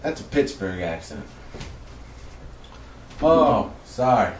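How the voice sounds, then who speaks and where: A young man hosts a homemade comedy sketch with deadpan, jokey banter. His pitch swings in a lively way from line to line. He sits back from the mic in an echoey room with a faint hiss behind him. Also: slow pace, long pauses. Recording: roomy, far from mic, faint noise.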